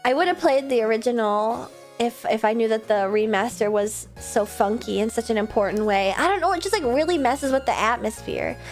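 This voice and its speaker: A woman streamer chatting casually and rambling at the end of a gaming stream, sleepy and a little hoarse. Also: on the high side, fairly quick, hardly any pauses. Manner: chatty, rambling, self-deprecating. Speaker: video game streamer. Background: faint background music.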